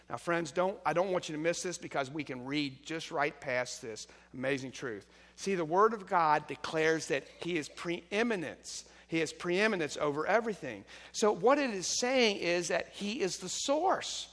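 Pastor preaching, male, higher voice, swings from quiet to loud, hall reverb. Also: normal speed. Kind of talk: sermon.

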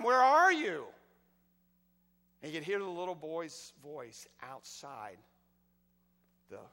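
A male preacher giving a sermon, telling a story with passion, swinging from loud outbursts to hushed words. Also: a little high, vocal fry. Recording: long hall reverb.

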